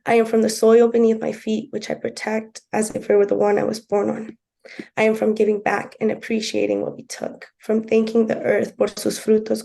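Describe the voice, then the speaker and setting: A woman co-hosting a podcast who reads her own poem aloud slowly and deliberately. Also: a little high, vocal fry, mellow. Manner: slow, deliberate poetry reading. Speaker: podcast co-host.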